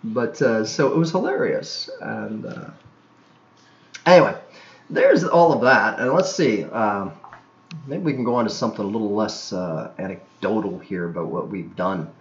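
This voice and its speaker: A man's voice: lowish voice, big pitch swings, moderate pace, roomy sound, highs cut off. A man from Canada hosting a podcast, telling crude anecdotes in a rambling way, full of fillers and restarts. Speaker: podcast host. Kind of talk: casual podcast chat.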